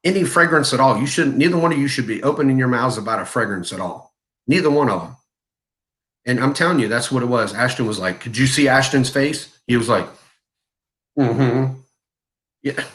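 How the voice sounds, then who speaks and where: A man with a medium-pitched, fairly bright voice co-hosts a fragrance review livestream. His talk is a heated rant, delivered bluntly with crude mockery.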